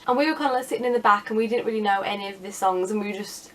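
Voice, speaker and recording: A young woman chats casually to camera. She is sarcastic and self-mocking, with a mid-pitched voice. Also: rapid-fire, few pauses, fairly bright tone. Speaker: vlogger. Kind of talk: casual vlog chat.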